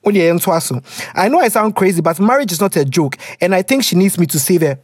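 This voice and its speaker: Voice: mid-range voice, quick pace, breathy edge, dry recording, studio quality. A podcast co-host with a Ghanaian English accent, reading a listener letter aloud and teasing it in casual chat, slipping into Twi.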